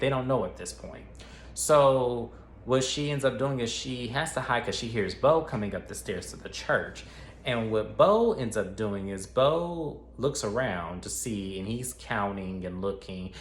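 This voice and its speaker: A man's voice: fairly low pitch, slight background noise. A man casually retelling a film plot as a movie reviewer, chatty and profane, talking straight to his viewers. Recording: roomy echo, faint ambience.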